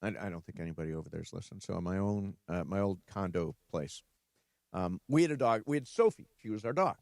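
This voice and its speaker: A man's voice: low-pitched, lively intonation, quick pace, gravelly, darkish tone, no room sound. A man co-hosting a sports radio talk show, telling rambling personal anecdotes full of restarts in a casual studio chat.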